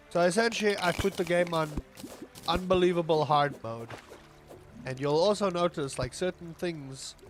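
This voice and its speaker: A young man with a South African accent, chatting casually to his viewers while playing a game on a livestream, rambling and joking as he goes. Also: fairly high pitch. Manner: rambling, jokey, talks to chat while playing. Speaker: streamer. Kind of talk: casual gameplay livestream chat.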